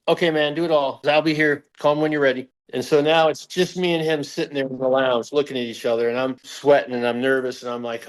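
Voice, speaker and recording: A man's voice: medium pitch, poor audio. A man as an interview guest, telling stories in a casual way and acting out the voices of the people in them. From United States. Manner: animated storyteller acting out dialogue. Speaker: interview guest, race driver. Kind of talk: casual storytelling.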